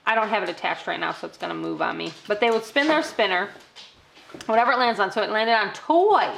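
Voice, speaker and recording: A woman's voice: mid-range voice, animated, fast, gravelly, fairly bright tone, slight background noise. A middle-aged woman teaching parents a toddler activity, often breaking into exaggerated sing-song child-directed talk. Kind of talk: instructional demo for parents.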